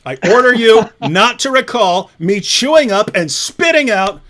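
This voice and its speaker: Brief: high-pitched man, livestream host, mocking, goading, laughing through his taunts. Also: very animated, unhurried, few pauses, a bit bright. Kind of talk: provocative livestream chat.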